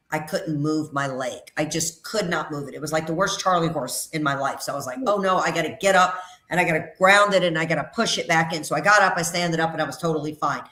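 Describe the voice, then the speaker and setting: A woman's voice: deep voice, pushed and bright, reverberant. A middle-aged woman working as a psychic medium on a call-in radio show, talking in a chatty, emphatic way and repeating her phrases. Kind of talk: casual radio call-in readings.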